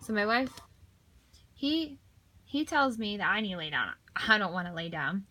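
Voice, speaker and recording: A woman voicing a deaf man's signed story aloud in first person, halting, with frequent restarts and repeated words. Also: mid-range voice, pushed and bright. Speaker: voice-over interpreter for a deaf man.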